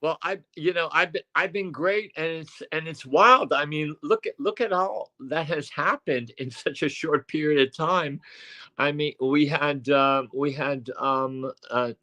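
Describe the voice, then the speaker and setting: Older male guest, slow and rambling, lots of restarts. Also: fairly high pitch, sharp tone. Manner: rambling, halting, many fillers and restarts. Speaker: psychic medium co-host. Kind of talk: casual chat. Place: at home.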